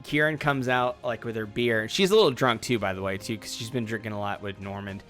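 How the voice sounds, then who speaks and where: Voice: mid-range voice, a little fast, fairly bright tone, soft background music. A game master running a tabletop role-play game, narrating with many fillers and laughs.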